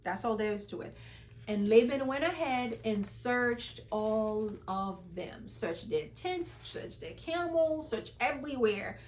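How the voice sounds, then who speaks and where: A woman's voice: a little high, animated, takes it slowly, a little mellow, slight background noise. A woman hosting a casual Bible reading commentary, retelling the story conversationally with lots of "you know". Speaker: host.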